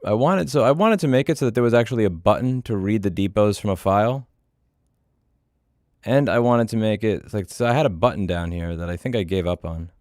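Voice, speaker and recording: A man's voice: on the low side, fairly quick, darkish tone, no room sound, clean studio sound. A middle-aged man livestreaming himself coding, in casual, blunt, profane talk, muttering to himself as he works. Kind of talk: casual livestream chat while programming.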